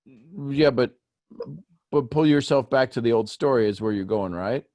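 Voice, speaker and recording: A man leads a group coaching session over a video call. His voice jumps up high when he gets animated and teases the group. The sound is dry and close, with no room around it. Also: normal speed, no room sound. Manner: animated, teasing, questioning step by step. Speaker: host coaching callers.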